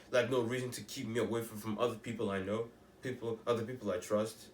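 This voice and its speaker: A man's voice: lowish voice, steady tone, fairly quick, echoey room, recorded from a distance, a little hiss or hum. A teenage boy talking in a rambling, emphatic way, often restarting and asking rhetorical questions. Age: teens. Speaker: vlogger. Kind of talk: casual monologue to camera.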